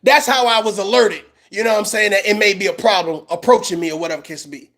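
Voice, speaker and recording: A man's voice: high voice, quick pace, creaky, a bit bright. A man giving casual reaction commentary, mocking and slangy, often breaking into laughter. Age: middle-aged.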